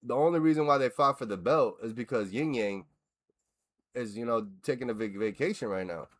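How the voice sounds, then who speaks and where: A man's voice: mid-range voice, a little fast. A man hosting a reaction video, ranting bluntly and with lots of swearing as he breaks down a fight. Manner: profane, blunt, animated ranting. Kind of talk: casual fight reaction rant.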